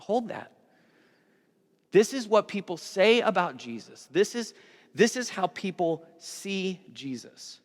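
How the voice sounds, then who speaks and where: High-voiced man preaching in an echoing hall. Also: normal speed. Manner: conversational, animated, with repeated restarts. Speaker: pastor. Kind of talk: sermon.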